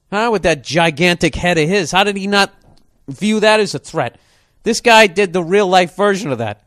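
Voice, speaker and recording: A man telling a comic story as a profane rant, animated and full of sound effects. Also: high-pitched, normal speed, no room sound, studio quality.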